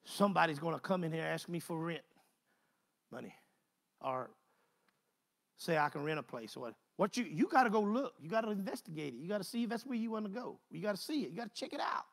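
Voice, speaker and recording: A man's voice: high voice, expressive, fast, vocal fry. A man preaching a conversational sermon, folksy and repeating phrases in driving bursts.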